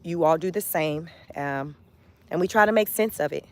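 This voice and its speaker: Emphatic woman with a low voice. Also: normal speed. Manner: animated, emphatic, rhetorical questions. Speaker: vlogger. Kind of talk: casual walk-and-talk commentary. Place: outdoors, walking. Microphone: phone camera.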